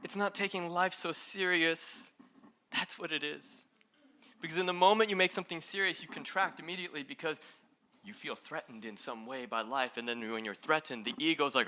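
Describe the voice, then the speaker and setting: A man with a very bright, ringing voice gives an inspirational talk on stage. He is playful and animated, his pitch and volume leaping as he puts questions straight to the crowd. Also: moderate pace. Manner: playful and animated, with big jumps in pitch and loudness; addresses the audience directly with questions. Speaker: motivational speaker.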